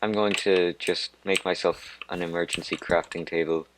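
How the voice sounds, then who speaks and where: A man's voice: low-pitched, steady tone, moderate pace, background noise. A man giving rambling, self-mocking commentary over his own gameplay. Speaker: let's play host.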